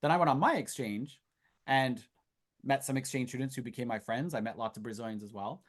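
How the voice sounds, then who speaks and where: A man's voice: medium pitch, a little fast. A man in his thirties presenting an online info session in a chatty, storytelling way with asides, heard over a video call. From Canada. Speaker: youth exchange presenter.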